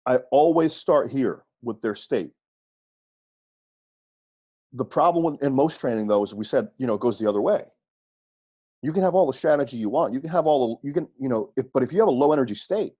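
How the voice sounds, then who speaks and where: A man giving an audio coaching seminar, repeating his points and checking in with listeners through quick rhetorical questions. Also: mid-range voice, warm tone, slightly rough. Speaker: wrestling coach.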